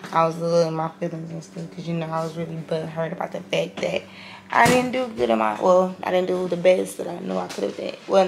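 A woman's voice: lowish voice, gravelly. A young woman vlogging from inside a car, venting frankly about a test. She swears freely, leans on "like" a lot, and sounds stressed and tired. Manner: frank, swears freely, heavy use of filler "like". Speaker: student vlogger. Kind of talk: casual venting vlog. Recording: steady car noise behind.

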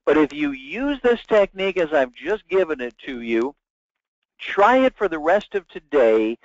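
A sales trainer gives a webinar lecture in a slightly high, sing-song voice at a measured pace, speaking emphatically and acting out sample phone calls. The audio is dull, dry and lo-fi with no echo.

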